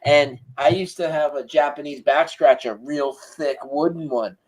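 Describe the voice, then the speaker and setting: A man as an interview guest, telling a story in a casual, animated way over a video call. He acts out sounds and swears freely. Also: on the high side, moderate pace, poor audio.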